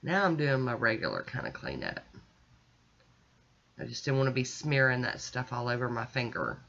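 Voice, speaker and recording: A woman's voice: very deep voice, sing-song, moderate pace, vocal fry, fairly bright tone, highs cut off. A woman chatting casually as she narrates each step of her nail art, self-deprecating and easygoing. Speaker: nail art video creator.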